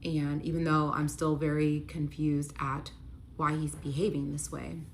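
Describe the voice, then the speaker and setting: A woman's voice: deep voice, level tone, a little slow, slight background noise. A young adult woman telling a personal story in a casual vlog, chatty and full of "like", acting out the lines of the people in her story. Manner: chatty, constant "like", acts out quoted dialogue. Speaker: storytime vlogger.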